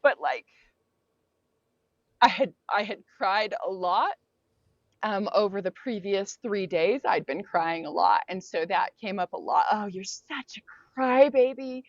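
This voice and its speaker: A woman's voice: mid-range voice, measured pace, creaky, pauses often, dry recording, highs cut off. A woman, a podcast guest, telling a personal story in casual conversation, filling her sentences with "like" and "um". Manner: casual, frequent "like" and "um" fillers.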